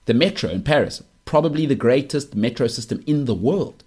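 A South African man with a husky, slightly rough voice, talking through a podcast monologue. He teases and jabs with emphatic confidence, circling back to the same punchlines again and again. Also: medium pitch, animated, a little fast, darkish tone. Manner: teasing and emphatic, repeats punchlines. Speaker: podcast host. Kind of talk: opinionated monologue.

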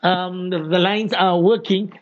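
A man hosting a call-in radio show, his voice high for a man. He reads a number out slowly, over and over, and greets listeners one by one. The studio sound is dry and close. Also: steady tone, no room sound, lo-fi sound. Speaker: radio host.

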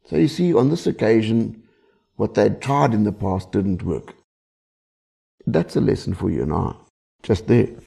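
A man's voice: on the low side, vocal fry, warm tone, breathy edge. A man preaching a sermon in a conversational way, often asking the listeners questions. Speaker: pastor.

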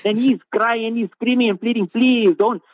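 Using rhetorical questions and repetition, a man who is an Islamic scholar delivers a passionate religious talk in a high voice. He speaks briskly with fairly even intonation, over a narrow, phone-like channel that is dry and close with no room sound.

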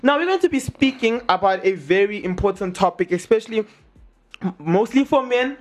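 High-voiced male radio host, boastful and joking. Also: lively intonation, brisk. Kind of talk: casual radio chat.

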